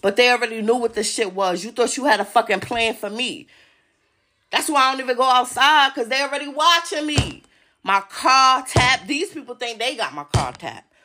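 A woman with a somewhat high voice delivers a heated solo podcast rant. She swears constantly and talks straight to her listeners in an agitated, insistent way. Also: animated, moderate pace, pushed and bright, a little hiss or hum. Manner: profane, agitated, addresses listeners directly. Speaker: podcast host.

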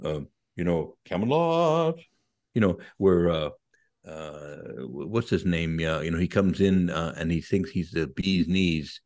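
A man's voice: sits low, expressive, a little slow, darkish tone. A middle-aged man, a Catholic priest, talking through ideas on a podcast and acting out imagined inner voices to explain them. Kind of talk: casual podcast discussion on faith.

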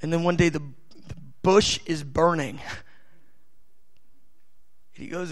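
A man's voice: fairly high pitch, takes it slowly, creaky, long pauses. A man preaching a live sermon, speaking emphatically and talking directly to his listeners. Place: church service with family present.

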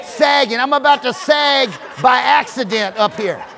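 A man preaching a sermon as pastor, emphatic and joking, with shouted peaks. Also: extremely high pitch, measured pace, vocal fry, a faint crowd. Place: church auditorium. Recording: reverberant hall.

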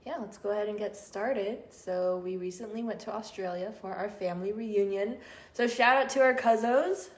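A woman's voice: mid-range voice, normal speed. A young adult woman co-hosting a podcast, friendly and upbeat in casual chat. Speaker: podcast co-host. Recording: echoey room.

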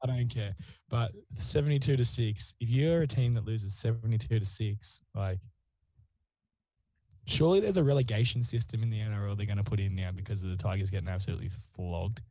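A man's voice: lowish voice, fairly quick, dark tone, no room sound, rough recording. An Australian man co-hosting a podcast, joking and teasing his mate in casual banter. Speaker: podcast co-host. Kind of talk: casual chat.

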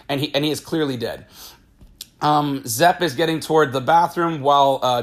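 A man casually retelling a film's plot, excitable and swearing freely, acting out the characters' lines as he goes. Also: medium pitch. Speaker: movie recap host. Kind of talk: casual spoiler-filled movie recap.

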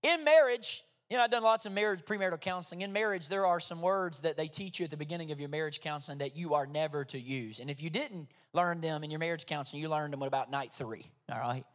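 A man preaching a sermon to his congregation in a high, ringing voice. He drives his points home with loud, repeated phrases and sudden emphasis. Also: fast, few pauses. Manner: builds to loud emphatic repetition, then drops to a soft prayer. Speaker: pastor. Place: church hall with congregation.

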